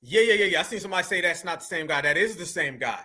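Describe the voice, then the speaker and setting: A man hosting a reaction commentary, talking in an animated, slangy way and addressing viewers as family. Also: high-pitched, rapid-fire. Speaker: commentary host.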